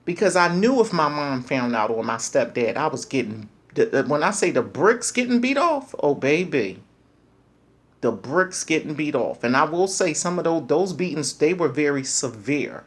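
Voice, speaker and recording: A woman's voice: sits low, big pitch swings, moderate pace, breathy edge. A middle-aged woman speaking in an emphatic, preachy monologue, repeating lines for effect and calling listeners "baby". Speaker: speaker sharing parenting views. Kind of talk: passionate monologue.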